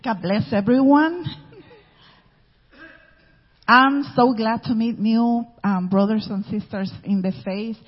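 A middle-aged woman, a minister's wife, speaking gently to a congregation with many pauses and ums. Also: fairly high pitch, breathy edge. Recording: dull church hall sound with reverb.

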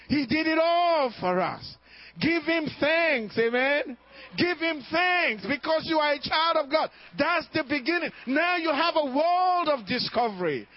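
A man's voice: very high voice, dry recording. A man preaching a sermon as pastor at a church service. He stresses his points through repetition, rhetorical questions and a call of "amen?" to the congregation. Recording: dull, lo-fi dry recording.

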